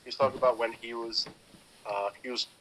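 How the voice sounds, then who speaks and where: A man co-hosting a casual podcast, retelling comedy routines in an animated way and acting out the people in them. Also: mid-range voice, fast, rough recording. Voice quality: animated storyteller who acts out the voices in his stories. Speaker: podcast co-host.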